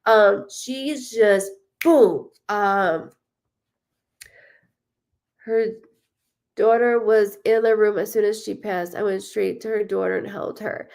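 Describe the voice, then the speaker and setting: A woman's voice: mid-range voice, fairly even intonation, slow, creaky, pauses often, a little mellow. A woman medium doing a live reading, talking in an emotional, rambling way with many fillers as she relays spirit messages. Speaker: psychic medium.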